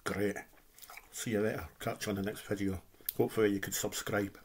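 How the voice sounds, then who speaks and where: A man's voice: on the low side, little pitch movement, a little fast, a little hiss or hum. A man casually reviewing food on his vlog, chatting while he eats with his mouth full.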